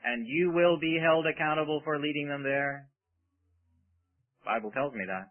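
A man's voice: on the high side, moderate pace, phone-quality sound. A man preaching a sermon with emphasis, often asking his listeners rhetorical questions.

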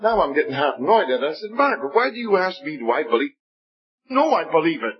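A man's voice: on the high side, big pitch swings, fast talker, slightly rough. A man preaching a testimony sermon, telling a story and acting out the voices in quoted dialogue. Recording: dull lo-fi recording.

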